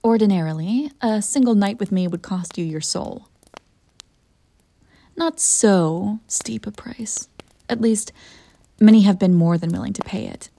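A woman's voice: medium pitch, brisk, hardly any pauses, dark tone, natural voice. A woman voicing a proud, bored, centuries-old female succubus in an audio role-play for the listener, haughty and theatrical. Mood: sultry bargaining. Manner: haughty and theatrical, defensive when pressed.

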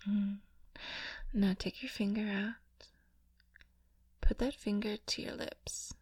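A woman performing a whispered role-play in an intimate, coaxing way, with soft laughs. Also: medium pitch, steady tone, slow pace, husky.

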